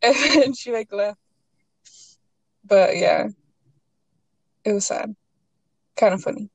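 A young woman in casual chat, asking questions and sharing a work story, relaxed and quick to laugh. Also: a little high, no room sound, poor audio.

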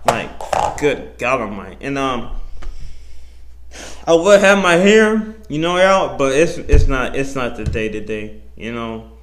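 A young man hosting his own podcast, talking in a rambling, profane, animated way, full of slang and self-interruptions. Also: medium pitch. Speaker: podcast host. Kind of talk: casual solo podcast monologue.

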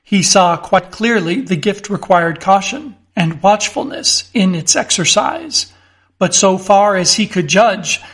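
A man reading a classic story aloud as narrator, in a measured, expressive way. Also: high voice. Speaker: audiobook narrator.

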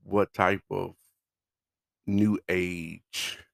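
A man's voice: low-pitched, little pitch movement, extremely slow, vocal fry, no echo, clean studio sound. A middle-aged man co-hosting a podcast in casual chat, hesitant and often trailing off. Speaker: podcast co-host.

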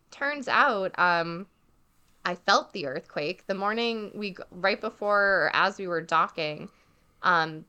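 A woman's voice: mid-range voice, clean tone. A young woman telling a travel story in casual chat, full of "like" and acted-out quotes. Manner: chatty, heavy filler "like", animated quoting.

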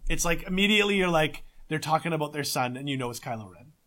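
A man co-hosting a casual podcast, talking in an excitable, emphatic way and swearing often. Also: fairly high pitch, fast talker. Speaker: podcast co-host.

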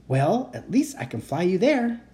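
A reader voicing a gentle, grateful young male dragon in a children's storybook, with a raised, polite and slightly fretful voice. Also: medium pitch, sing-song, moderate pace, pitched above the performer's own voice, lightly acted. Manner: eager, polite, a little fretful. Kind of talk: children's storybook read-aloud.

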